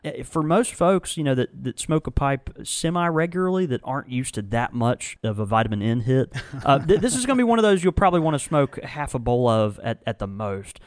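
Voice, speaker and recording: A man talks casually as a host, his pitch swinging widely as he tells stories. He rambles and restarts often. The sound is dry and close, with little room in it. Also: brisk, few pauses, no echo. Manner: animated, storytelling with frequent restarts. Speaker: tobacco shop host. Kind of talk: casual conversational review.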